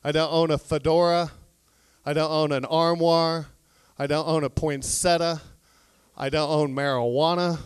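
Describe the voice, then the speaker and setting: A man doing a stand-up comedy set on a club stage, telling deadpan stories and acting out both sides of conversations. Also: a little high, unhurried, smooth, no room sound.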